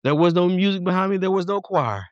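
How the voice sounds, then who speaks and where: A man preaching a sermon with fervent emphasis, sometimes rushing and sometimes drawing his words out slowly. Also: sits high, animated, dry recording, dull audio. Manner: fervent, emphatic, shifts between fast bursts and slow drawn-out lines.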